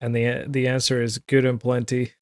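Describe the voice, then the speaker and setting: A man's voice: medium pitch, completely flat delivery, normal speed, no room sound, studio quality. A man co-hosting a podcast, chatting casually and playfully, teasing his friends. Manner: playful, teasing, talks up his hot takes. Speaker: podcast co-host. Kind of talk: casual chat.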